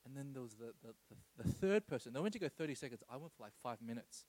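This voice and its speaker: A man's voice: mid-range voice, lively intonation, quick pace, darkish tone, low-quality recording. A man preaching an informal sermon, telling a personal story with many asides and tag questions like "okay?".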